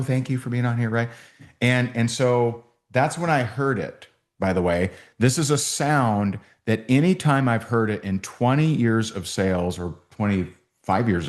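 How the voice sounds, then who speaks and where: Lower-voiced man telling sales stories. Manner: storytelling, acts out both sides of calls. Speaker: sales and recruiting trainer. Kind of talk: training talk with stories.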